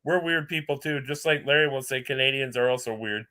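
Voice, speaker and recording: A man's voice: mid-range voice, a little fast, sharp tone. Easygoing man chatting casually. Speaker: co-host. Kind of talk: casual chat.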